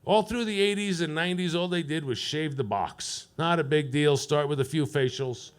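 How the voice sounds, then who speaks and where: A man works an open mic stage with a profane, deadpan stand-up set, ribbing people in the crowd. His voice sits high for a man. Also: moderate pace, clear, resonant tone. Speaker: stand-up comedian. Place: comedy club stage.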